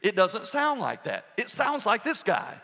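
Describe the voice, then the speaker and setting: Bright high-pitched preaching man, echoey hall. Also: wildly swooping pitch, gravelly. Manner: earnest preaching with pauses and restarts. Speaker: pastor. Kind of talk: sermon.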